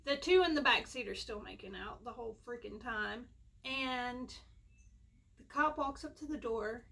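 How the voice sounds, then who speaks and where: A young woman rambles through a personal story in a high, lifted voice. Her tone is bright and a little sharp, chatty and self-mocking, like a vlogger talking straight to her viewers from home. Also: moderate pace, vocal fry, breathy edge. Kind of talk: casual storytime.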